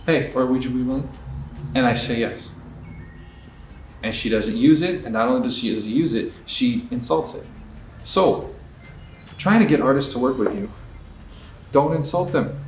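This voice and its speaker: A man's voice: medium pitch, a little hiss or hum. Blunt, cursing man in an echoey room. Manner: blunt, profane, emphatic storytelling. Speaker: indie filmmaker. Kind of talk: candid advice rant to camera. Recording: echoey room, distant mic, faint ambience.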